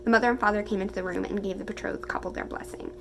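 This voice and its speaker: A young woman of eighteen reads passages aloud, then chats about them in a loose, gushing way, full of fillers and little giggles. Her voice sits at an ordinary middle pitch with a noticeable creaky fry running through it. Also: fairly even intonation, rapid-fire, noisy background. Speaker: book vlogger. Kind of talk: casual reading vlog, reading passages aloud.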